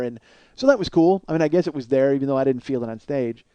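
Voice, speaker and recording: Fast-talking, self-mocking male podcast comedian. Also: mid-range voice, warm tone, smooth, dry recording, dull audio. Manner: rambling, profane, self-deprecating. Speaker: podcast host. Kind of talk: comedic storytelling monologue.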